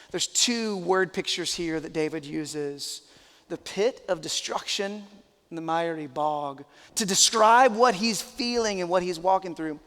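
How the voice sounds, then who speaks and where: A man's voice: on the high side, measured pace, fairly bright tone, in a large hall. A man, a pastor, preaching a sermon in an earnest, conversational, emphatic way.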